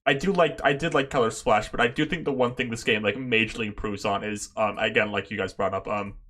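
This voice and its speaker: Podcast host, man, bright voice, rambling casual chatter. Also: on the low side, fairly quick. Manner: rambling, animated, swears casually. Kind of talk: casual chat.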